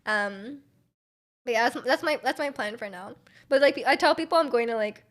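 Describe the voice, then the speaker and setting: A woman's voice: fairly high pitch, lively intonation, normal speed. A young Canadian woman streaming casual chat. She is giggly and filler-heavy, and her mouth is dry from hours of talking. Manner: chatty, giggly, lots of fillers.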